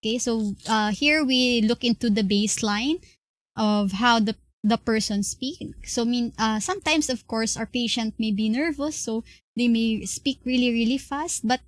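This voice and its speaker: A young woman with a Filipino accent giving an online class lecture, explaining slowly with many fillers and restarts. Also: a little high, no room sound. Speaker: class presenter.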